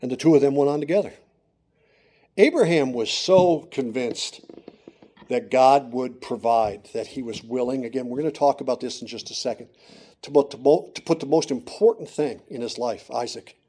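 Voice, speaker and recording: A middle-aged man preaching a sermon, moving from quiet storytelling to loud, emphatic declarations. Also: mid-range voice, moderate pace, husky.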